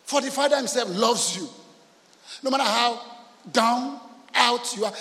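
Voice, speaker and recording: A man preaching a sermon as pastor, telling stories and acting out the voices in them, swinging from soft, hushed lines to loud shouts. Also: very high-pitched, animated, normal speed. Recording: long hall reverb.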